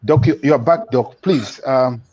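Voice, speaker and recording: A man hosting a talk show, putting questions to his guest with many fillers and pauses. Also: mid-range voice, warm tone, breathy edge, no echo, highs cut off. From Zambia.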